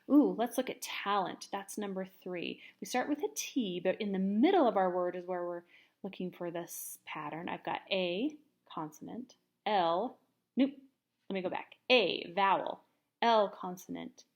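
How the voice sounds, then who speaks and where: Patient woman teaching a reading lesson. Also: mid-range voice. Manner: patient, slow, spells out letters.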